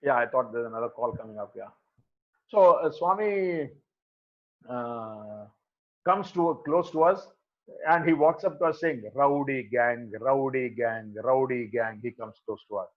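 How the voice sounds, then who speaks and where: A man's voice: medium pitch, normal speed, pauses often, phone-quality sound. A man in his fifties with a Telugu-flavoured Indian accent, telling a devotional story at a satsang and acting out the voices of the people in it, over an online call. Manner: animated, acts out the voices of people he quotes. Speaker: devotee sharing memories at a satsang. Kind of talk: storytelling talk.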